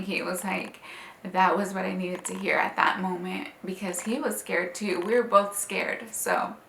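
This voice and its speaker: Young woman, new mom, casual heartfelt vlog delivery with filler words, medium pitch, recorded in a slightly echoey room. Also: creaky, fairly bright tone, a little hiss or hum. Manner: emotional, tender, many "like" and "um" fillers. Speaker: vlogger, new mother. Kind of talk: casual personal storytelling. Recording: slightly roomy with faint ambience.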